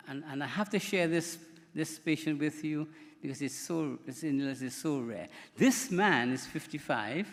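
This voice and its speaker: A man, a doctor, giving a conference presentation in a chatty, rambling way with repeated words. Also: medium pitch. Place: conference hall. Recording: hall reverb from a microphone in a conference room.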